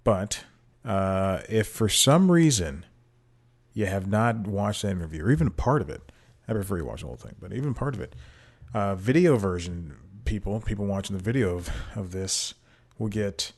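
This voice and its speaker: A man's voice: fairly low pitch, expressive, moderate pace. A man hosting his own podcast in a casual, rambling monologue, self-deprecating and laughing often, talking into a desk microphone at home. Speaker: podcast host. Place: home room with TV playing.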